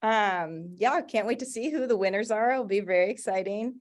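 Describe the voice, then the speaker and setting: A woman's voice: medium pitch, moderate pace. A woman hosting a trade podcast, asking her guests questions in an upbeat, friendly way. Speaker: podcast host. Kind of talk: interviewing guests.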